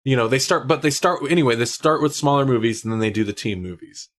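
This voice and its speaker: A man's voice: mid-range voice, quick pace. A man co-hosting a podcast, chatting casually and laughing often. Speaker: podcast co-host. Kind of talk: casual chat.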